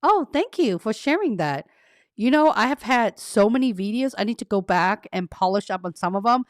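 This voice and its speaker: A woman hosting a casual career-coaching live stream, talking straight to her viewers in a friendly, rambling way. She reads their comments aloud and laughs at herself as she goes. Her voice sits at a middle pitch, recorded close and dry with no room echo. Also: expressive, moderate pace. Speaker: career coach and livestream host. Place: carpeted home room treated to cut echo.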